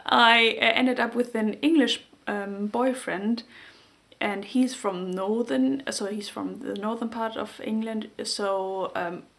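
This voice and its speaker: German-accented woman chatting to camera about knitting, halting, lots of pauses hunting for words, plain mid voice. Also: mid-range voice, a bit bright. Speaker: knitting podcast host. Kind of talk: casual chat to camera.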